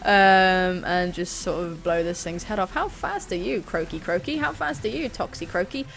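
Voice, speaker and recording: Bright-voiced woman commentating a game. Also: on the low side, moderate pace, gravelly. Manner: chatty, self-deprecating, sudden excited screams. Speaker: gaming channel host. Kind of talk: live battle commentary.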